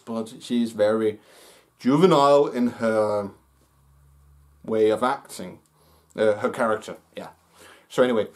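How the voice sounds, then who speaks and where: A man hosting his own movie review show, talking in a casual, unscripted way with many pauses, fillers and restarts. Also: mid-range voice.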